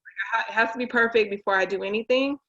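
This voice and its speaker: A woman's voice: on the high side, racing, lo-fi sound, a little hiss or hum. A woman in her thirties, a realtor and business owner, chatting casually and acting out the people she quotes. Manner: animated storyteller acting out quotes. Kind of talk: casual conversation.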